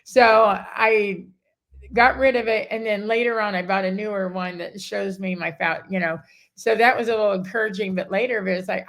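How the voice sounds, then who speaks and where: Middle-aged woman, gravelly creak, chatty guest who restarts her sentences a lot. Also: medium pitch, fairly even intonation, normal speed, fairly bright tone. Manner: rambling, self-interrupting, acts out others' words. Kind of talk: emotional personal story in a casual chat.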